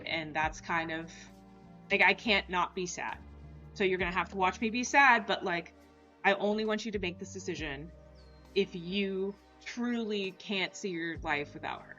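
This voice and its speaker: A woman with a bright, forward voice chats casually on her livestream, rambling with plenty of "like" fillers. Her audio sounds slightly muffled, with faint music behind her. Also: mid-range voice, moderate pace. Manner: chatty, rambling, many "like" fillers; talks to her dog and chat viewers. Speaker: livestream host.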